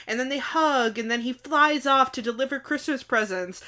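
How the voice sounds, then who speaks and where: Bright, high-voiced woman recapping a film. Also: moderate pace. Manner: wry, deadpan, acting out lines from the film. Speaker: podcast co-host. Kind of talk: casual chat, recapping a film.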